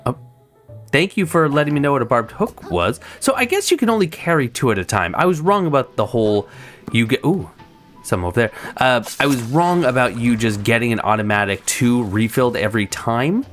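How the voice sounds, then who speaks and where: A let's-play host talks through the game in a chatty, excitable way, full of asides to viewers. The pitch moves around a lot. Faint game music plays underneath. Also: brisk. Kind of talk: gameplay commentary.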